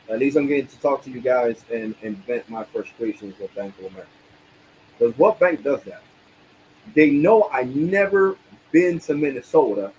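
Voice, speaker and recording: A man's voice: medium pitch, darkish tone, slight background noise, poor audio. A young man live-streaming, venting angrily with lots of cursing and repetition. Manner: angry, profane, repetitive venting. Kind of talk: casual live-stream rant.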